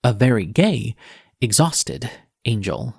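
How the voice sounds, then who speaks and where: Gravelly, husky male audiobook narrator. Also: medium pitch, animated, slow, darkish tone, dry recording, studio quality. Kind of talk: first-person audiobook narration.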